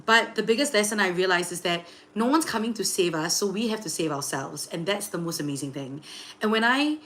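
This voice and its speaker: A young woman, hosting a casual livestream, chatty and full of fillers, excitedly greeting viewers. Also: lowish voice, a little fast, slight background noise. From Singapore. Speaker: livestream host and tarot reader.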